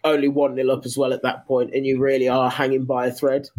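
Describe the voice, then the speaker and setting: A man's voice: mid-range voice, monotone, fast talker, darkish tone. A man co-hosting a casual football podcast, enthusiastic but hesitant, often restarting his phrases. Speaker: podcast co-host.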